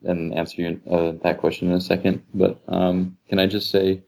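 A male caller with a very low, gravelly voice and a dark, mellow tone. He speaks hesitantly and halts often with ums and uhs. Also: flat delivery. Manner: hesitant, halting, many ums. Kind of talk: call-in advice talk.

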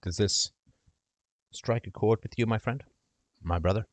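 A man hosting a call-in show, giving impassioned advice and speaking to the caller's brother in role-play, swinging from loud to hushed. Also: lowish voice, a little slow, no room sound.

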